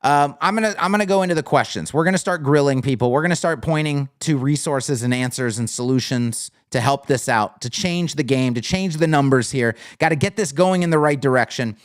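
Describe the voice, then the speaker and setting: A man's voice: mid-range voice, a little fast, hardly any pauses, no echo, studio quality. A man from the United States hosting a live business stream, talking casually and reading the chat, with many fillers and repeated phrases. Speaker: livestream host.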